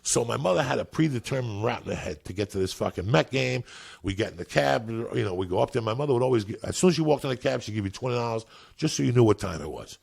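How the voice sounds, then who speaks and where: Man, 50s, gravel-voiced, raspy, swearing storyteller, animated podcast chat. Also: medium pitch, fast. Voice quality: gravelly, husky. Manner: animated, swears freely, repeats for emphasis. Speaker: podcast guest, comedian. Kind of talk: profane storytelling in casual chat.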